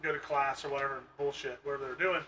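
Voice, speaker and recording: A man's voice: mid-range voice, fairly even intonation, fast talker, sharp tone, distant mic, a little hiss or hum. Rambling, swearing man, slightly off-mic. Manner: rambling storyteller, swears a lot. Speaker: podcast co-host. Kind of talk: casual chat.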